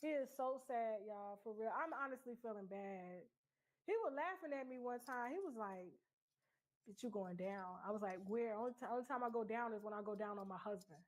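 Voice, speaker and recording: A woman's voice: fairly high pitch, brisk. A woman streaming her reactions to celebrity clips, teasing and sassy, sometimes slipping into a sing-song chant. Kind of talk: playful reaction commentary.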